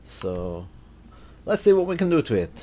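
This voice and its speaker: A man hosting a gaming video, relaxed and thinking aloud as he browses car parts in casual commentary. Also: fairly high pitch, moderate pace. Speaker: gaming channel host.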